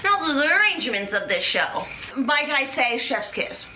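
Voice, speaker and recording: A young woman with a high, sharp voice and big pitch swings hosts a comedic chat at normal speed, rambling playfully with lots of fillers. The room is echoey with faint noise.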